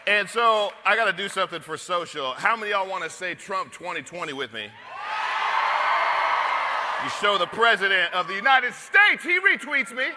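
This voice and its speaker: A man with a high voice gives a rousing speech to a live crowd, shouting out lines and leading chants. His voice rings through a big reverberant hall over loud crowd noise. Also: lively intonation, normal speed. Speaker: guest speaker at a youth conference. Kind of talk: energetic rally speech.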